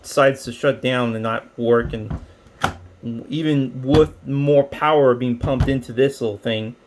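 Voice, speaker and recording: A man talks through a gadget review in a loose, rambling way, full of ums and restarts. His voice sits at an ordinary middle pitch. A faint hiss of noise stays under the recording. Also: steady tone, unhurried. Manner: rambling, filler-heavy explaining. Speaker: tech reviewer. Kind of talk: casual product review.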